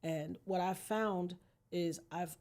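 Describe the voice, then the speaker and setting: Earnest woman, mellow and low. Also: fairly even intonation, slow pace. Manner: earnest, emphatic, preacher-like. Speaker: podcast guest. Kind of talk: heartfelt personal conversation.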